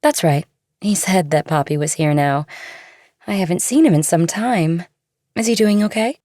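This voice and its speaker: A woman playing a caring, sorrowful young woman in an audiobook drama, pleading softly and earnestly. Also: on the low side, moderate pace, no room sound, studio quality, lightly acted. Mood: polite.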